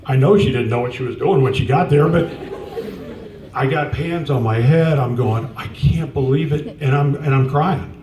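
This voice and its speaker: Older coach telling a story in a roomy hall. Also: male voice, medium pitch, normal speed, noisy background. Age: 60s. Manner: folksy storytelling, acting out dialogue. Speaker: softball coach. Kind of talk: memorial tribute speech. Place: large room at a memorial gathering. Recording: roomy, from far off.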